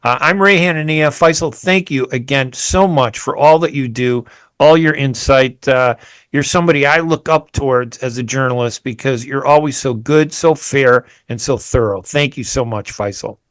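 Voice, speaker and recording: Smooth-voiced male radio host. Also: mid-range voice, moderate pace, fairly bright tone, no room sound. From United States. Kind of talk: radio interview.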